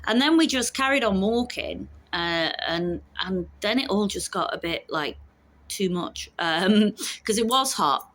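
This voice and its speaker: A woman's voice: mid-range voice, expressive, a little slow, fairly bright tone. A woman in her fifties chatting frankly and casually to camera about her week, with the odd swear word. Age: 50s. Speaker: vlogger. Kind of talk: casual chat.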